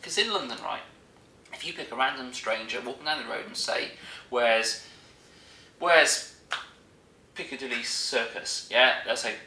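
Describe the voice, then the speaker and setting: A man's voice: mid-range voice, lively intonation, a little slow, pauses often, pushed and bright, reverberant, a little hiss or hum, low-quality recording. A young man, telling a rambling, jokey story as a vlogger in casual chat.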